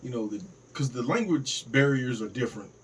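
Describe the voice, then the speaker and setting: A man's voice: mid-range voice, animated, brisk. A man talking loosely on a podcast, rambling and hesitant, with many fillers. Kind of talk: casual podcast chat. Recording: distant mic with faint room noise.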